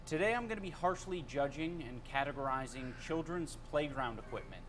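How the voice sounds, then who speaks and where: A man's voice: on the high side, lively intonation, a little fast, a bit bright, slight background noise. A man narrating a comedic YouTube video with sarcastic, dry commentary. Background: background music.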